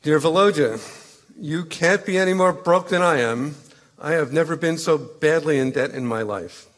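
An actor reading letters as a stern, opinionated literary critic who lectures and corrects. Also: male voice, on the high side, normal speed, lightly acted. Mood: critical. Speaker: letter reader. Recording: long hall reverb.

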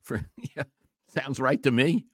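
A man's voice: medium pitch, expressive, slow pace, a bit bright, slightly rough, dry recording, clean studio sound. An older man, a retired sports writer, co-hosting a casual sports podcast with emphatic opinions and stumbling restarts.

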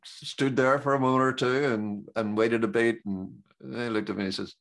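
With a gravelly, mid-range voice and fairly even intonation, a middle-aged business coach hosts a conversational podcast interview. He tends to ramble and halt, often restarting and leaning on fillers.

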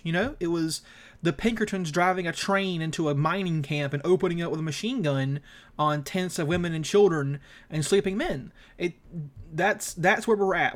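A man co-hosting an amateur podcast, ranting about politics in a heated, profane, casual way. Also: fairly high pitch. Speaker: podcast co-host.

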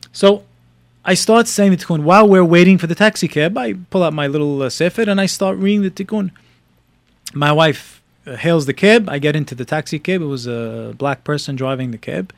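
Middle-aged man, casual storytelling, halting with fillers, rather high voice, dry close sound. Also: vocal fry, no echo. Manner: halting, many fillers and restarts, animated when excited. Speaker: guest telling a story.

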